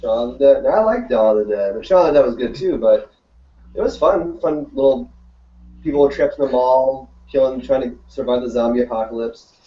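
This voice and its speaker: A man co-hosting a casual chat, loose and halting, laughing often. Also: mid-range voice, animated. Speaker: podcast co-host. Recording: roomy, distant, lo-fi with faint hiss.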